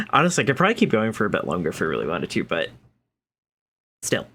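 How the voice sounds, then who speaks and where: A young woman chatting casually to her viewers while streaming a game, excitable and talking to her cat. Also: rumbling low, fairly quick, slightly rough. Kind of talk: casual live stream chat.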